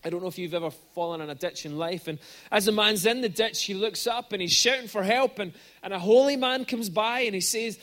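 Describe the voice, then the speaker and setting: A man preaching a sermon in a church, conversational with frequent restarts and animated storytelling. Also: high voice, a little fast. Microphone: microphone at pulpit.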